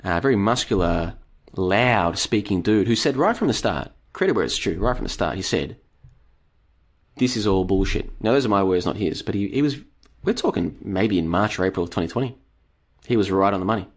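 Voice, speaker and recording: A man with a fairly low voice hosts a long live stream, reading chat and wandering off into tangents. He talks casually to his viewers and stacks up rhetorical questions. After hours on air his voice is starting to wear. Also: animated, brisk. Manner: rambling, talks straight to the audience as "folks", repeats rhetorical questions.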